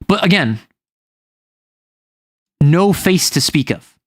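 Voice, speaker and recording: Rambling man with a bright voice. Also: fairly high pitch, lively intonation, slow, no echo, studio quality. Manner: rambling, heavy use of "like" as filler, self-correcting. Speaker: game master recounting a campaign. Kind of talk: casual chat.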